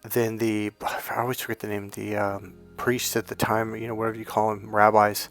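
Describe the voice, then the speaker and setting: A man's voice: on the low side, monotone, normal speed, a bit bright, soft background music. A man, a coach, telling a personal story in an earnest, rambling way, often correcting himself mid-sentence. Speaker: dating and healing coach.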